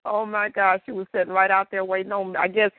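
A woman giving a rambling church testimony, halting with fillers and restarts and breaking into praise to God. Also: medium pitch, little pitch movement, dry recording, narrow, tinny audio.

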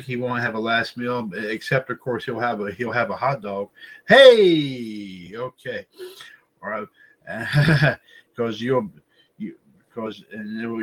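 A man's voice: mid-range voice, pushed and bright, rough recording. Rambling man hosting a wrestling podcast. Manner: rambling, heavy filler phrases, addresses listeners as folks. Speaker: podcast host. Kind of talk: casual wrestling commentary podcast.

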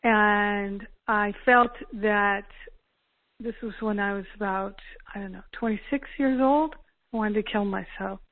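Slow, earnest woman on a phone line. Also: mid-range voice, steady tone, no room sound. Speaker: host. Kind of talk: teaching talk on a call-in show. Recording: phone-line quality, dry.

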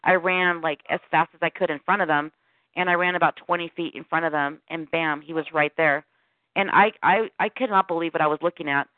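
A middle-aged woman, a guest on a call-in interview, recounting a personal encounter in an animated way and acting out what people said. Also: low-pitched, fairly quick, no room sound. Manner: animated storytelling with quoted dialogue. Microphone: phone call. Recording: tinny phone line.

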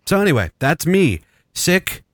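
A man's voice: lowish voice, a little fast, no room sound, clean studio sound. A man in his thirties hosting a podcast, telling a long story with crude jokes in casual chat. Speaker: podcast host.

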